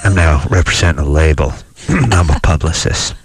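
A man putting on a boastful young guy who brags after his first hookup, in a deep, self-important voice. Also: expressive, normal speed, slightly rough, dry recording, full character voice.

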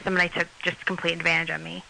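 A young woman calling in to a radio advice show, speaking hesitantly with many pauses and fillers. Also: fairly low pitch, monotone, creaky, pushed and bright, slight background noise, poor audio. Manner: hesitant, halting, many ums. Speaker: caller.

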